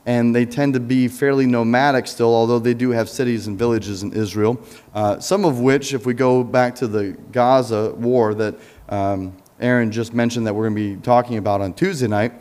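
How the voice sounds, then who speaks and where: A man's voice: mid-range voice, fairly even intonation, moderate pace, darkish tone. A man preaching a sermon in a church, talking easily with the congregation, asking them questions, answering them himself and joking with them. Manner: jokes with the congregation. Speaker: pastor. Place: church sanctuary.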